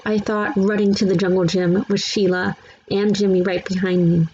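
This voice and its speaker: A woman reading a children's chapter book aloud in steady, plain narration. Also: medium pitch, moderate pace, dull audio, a little hiss or hum. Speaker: storybook reader.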